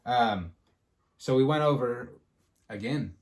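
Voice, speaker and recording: A man hosting a podcast, telling a story in casual chat and acting out the quotes with lively energy. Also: mid-range voice, slow pace. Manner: animated, acts out quotes in a storytelling style. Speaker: podcast host.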